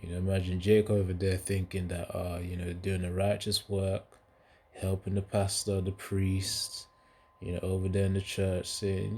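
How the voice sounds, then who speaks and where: A man's voice: low-pitched, monotone, moderate pace, warm tone, husky. A man giving casual religious commentary in a loose, rambling way, full of filler asides.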